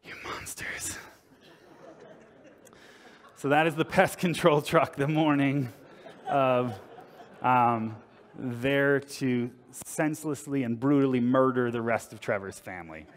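A man on a conference stage tells a funny story in a casual, wry way, slipping into little voices for the people he quotes. His mid-pitched voice carries a long reverb from the big hall around him. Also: a little slow. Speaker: conference speaker. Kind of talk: humorous storytelling talk.

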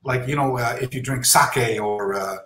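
A man and karate master telling an anecdote, lively and acting out dialogue, dropping Japanese terms into his speech. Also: medium pitch, moderate pace, roomy sound, low-quality recording. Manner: animated, acts out remembered dialogue. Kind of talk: anecdotal storytelling.

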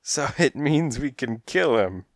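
A man's voice: medium pitch, animated, a little slow, no echo, clean studio sound, pitched above the performer's own voice. A man reading an audiobook, voicing a dim, eager henchman alley cat. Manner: eager, pushy. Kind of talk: audiobook character voice.

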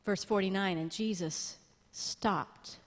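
A woman pastor preaching a sermon in a church, lively and humorous, with asides to the congregation. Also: mid-range voice, slow, long reverb tail. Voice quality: blind, jokes about herself.

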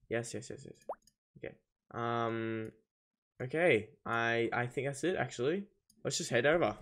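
A man hosting a gameplay video, casually thinking out loud and often sounding confused, with faint game music behind. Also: mid-range voice, steady tone, measured pace. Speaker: gaming channel host. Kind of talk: gameplay commentary.

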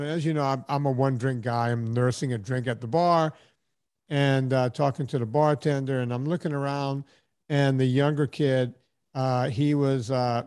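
A man's voice: medium pitch, a little mellow. A man in his fifties hosting a podcast, telling stories in a rambling, casual way and acting out the voices of people he quotes. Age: 50s. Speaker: podcast host. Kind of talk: casual storytelling chat.

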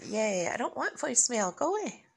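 A woman's voice: fairly high pitch, big pitch swings, fairly quick, vocal fry, breathy edge. A young woman giving chatty, joking commentary while playing a video game and muttering to herself. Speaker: gamer recording a playthrough. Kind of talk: casual gameplay commentary.

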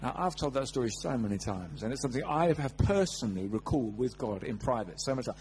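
A man's voice: medium pitch, quick pace, a little hiss or hum, rough recording. A man preaching a sermon, telling personal stories with humor and acting out quotes. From England. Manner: animated, humorous, acts out quotes.

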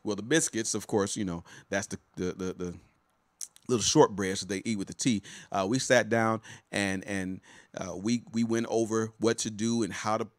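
A man's voice: on the low side, steady tone, moderate pace, no room sound. Chatty man giving a dry, close coaching talk. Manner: warm, chatty, repeats words and restarts often; greets viewers by name mid-talk. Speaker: pastor and life coach. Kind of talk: casual live-stream coaching talk.

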